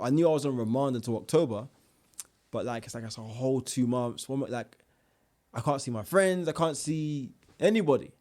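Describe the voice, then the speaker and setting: A young man, a guest telling his own life story in a casual interview, animated, with slang and restarts. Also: mid-range voice.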